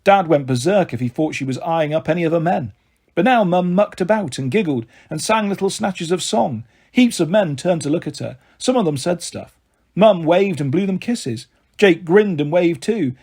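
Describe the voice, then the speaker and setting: A man reading a children's novel aloud in a steady storybook narration. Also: high voice, moderate pace, slightly rough.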